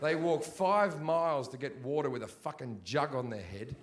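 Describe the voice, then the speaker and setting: A man in his thirties doing a stand-up comedy set in a big theatre, with a profane, ranting delivery that often swells into shouting. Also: medium pitch, normal speed, slight background noise. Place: large sold-out theatre.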